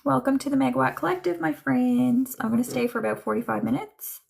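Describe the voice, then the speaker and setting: Gravelly-voiced woman medium chatting live. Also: sits high, brisk. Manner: chatty, relays messages in quotes, laughs often. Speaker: psychic medium and livestream host. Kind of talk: live-streamed spirit and tarot reading.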